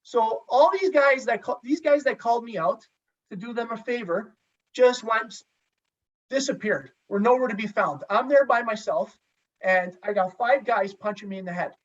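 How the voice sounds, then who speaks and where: A man, a former hockey goalie, telling a story in a casual, animated way and swearing freely. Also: extremely high pitch, normal speed. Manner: animated, profane, acts out dialogue. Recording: slightly distant, dull lo-fi sound.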